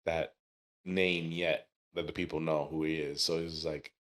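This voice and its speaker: A man co-hosting a casual podcast chat, relaxed, talking with lots of "like" and "yeah". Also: rumbling low, a little slow. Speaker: podcast co-host.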